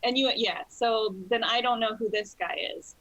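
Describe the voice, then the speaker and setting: A woman's voice: a little high, steady tone, normal speed, fairly bright tone, dry recording. A woman playing a tabletop game, making dry, wry remarks. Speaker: player. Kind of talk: casual tabletop game play. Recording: dull lo-fi recording.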